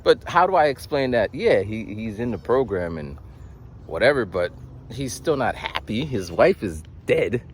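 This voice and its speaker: A man's voice: lowish voice, big pitch swings, moderate pace, husky. A young man talking in a rambling, casual monologue, with many restarts and acted-out voices. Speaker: vlogger.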